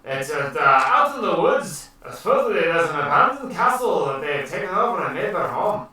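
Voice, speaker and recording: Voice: mid-range voice, big pitch swings, moderate pace, bright, forceful tone, a little hiss or hum. A game master narrating a tabletop session and voicing townsfolk in a folksy, joking manner. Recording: echoey room, far from the mic.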